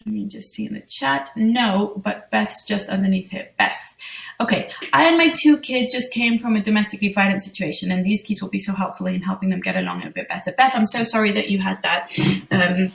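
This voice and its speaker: A woman hosting a live parenting webinar, answering questions gently with many ums and uhs. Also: mid-range voice, lively intonation, a little fast, creaky. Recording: roomy sound, distant from the mic.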